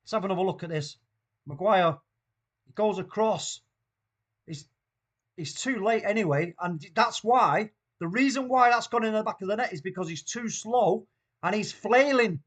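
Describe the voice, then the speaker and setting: A man with a Mancunian accent hosting a live football watchalong, reacting loudly and excitedly to the play. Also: high voice, moderate pace. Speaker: watchalong host.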